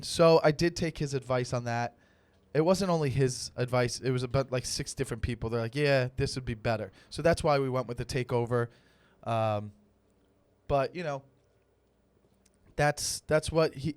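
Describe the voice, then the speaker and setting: A man hosting a comedy podcast alone, ranting in a mock-motivational coach style with lots of swearing. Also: a little high. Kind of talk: solo comedy podcast rant.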